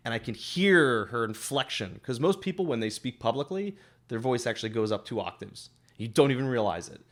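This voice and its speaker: A middle-aged man, a guest entrepreneur, answering interview questions in a casual, animated, advice-giving way with frequent restarts. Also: mid-range voice.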